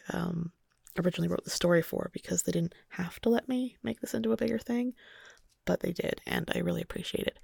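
A young woman narrating an intimate first-person story in a soft, hushed voice that often slips into a whisper, then chatting casually with many fillers. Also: lowish voice, vocal fry, husky, dry recording, studio quality. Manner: chatty and halting with fillers when speaking off-script.

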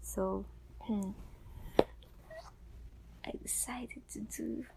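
A woman's voice: medium pitch, fairly even intonation, extremely slow, gravelly, poor audio. A tired young woman whispering late at night as she answers viewer questions, rambling with lots of fillers and restarts. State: sleepy, tired voice.

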